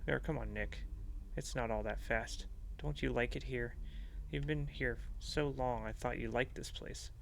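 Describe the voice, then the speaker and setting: A man voicing a gravelly, taunting creature under the house. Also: mid-range voice, steady tone, a little hiss or hum. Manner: taunting, slow and commanding. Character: mocking unseen male creature under a house. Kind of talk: reading game dialogue aloud.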